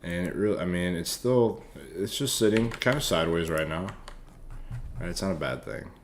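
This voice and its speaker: A man's voice: low-pitched, animated, moderate pace, slight background noise. A man casually reviewing stock charts for viewers, loose, profane and hyped up. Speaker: stock trading streamer.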